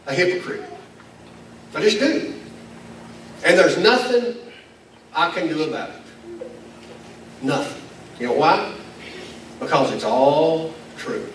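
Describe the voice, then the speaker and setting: A man's voice: on the high side, a bit bright. A male pastor, preaching a folksy, self-deprecating sermon and chuckling now and then. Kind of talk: conversational sermon. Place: church meeting in a school building. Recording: echoey hall, distant mic, faint noise.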